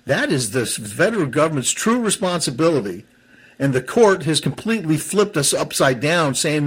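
Heated man ranting politics, slightly high. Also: sing-song, moderate pace, slightly rough. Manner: heated, stumbles and restarts, self-described seething. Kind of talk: political talk show commentary.

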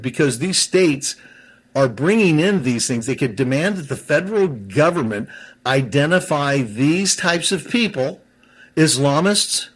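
Heated man ranting politics, slightly high. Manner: heated, stumbles and restarts, self-described seething. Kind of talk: political talk show commentary.

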